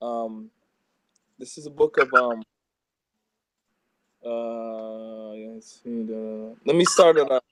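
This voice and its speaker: A man in a casual religious discussion who reads scripture aloud, starting in a halting way with many ums before moving on to his own comments. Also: mid-range voice, clean tone, no echo. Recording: noisy recording with clicks.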